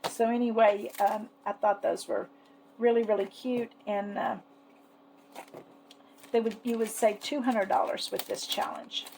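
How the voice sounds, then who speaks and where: A chatty woman with a slightly high, gravelly voice walks through her savings products in a casual show-and-tell. She talks fondly with many little fillers, over a faint hiss of background noise. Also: steady tone, measured pace, pauses often, a little mellow, rough recording. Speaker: savings challenge seller and vlogger.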